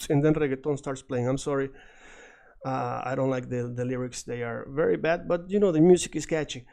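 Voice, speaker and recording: A middle-aged man, a native Spanish speaker, teaches an online lesson in a chatty, energetic way. His voice sits a little high but sounds mellow and warm. He drills phrases by saying them again and again. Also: brisk, creaky.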